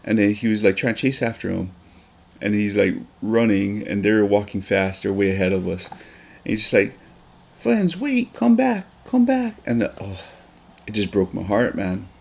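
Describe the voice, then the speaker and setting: A man's voice: lowish voice, level tone, moderate pace, creaky. A man, a teacher talking earnestly on a casual podcast with many ums and restarts.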